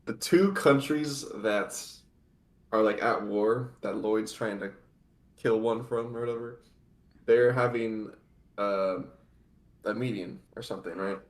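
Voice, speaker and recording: Low-voiced man recapping, echoey room. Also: a little slow, long pauses. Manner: recaps plot in long rambling run-ons. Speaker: podcast co-host. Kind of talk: casual anime podcast chat.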